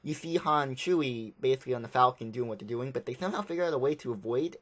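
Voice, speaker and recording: A man's voice: medium pitch, fast, fairly bright tone. A man giving a casual, rambling spoken review of a film, often repeating himself.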